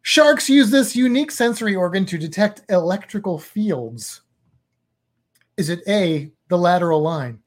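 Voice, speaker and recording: Man hosting a relaxed quiz, playful and joking between questions. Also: high-pitched, normal speed. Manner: playful, jokey quizmaster. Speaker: host. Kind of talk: casual quiz chat.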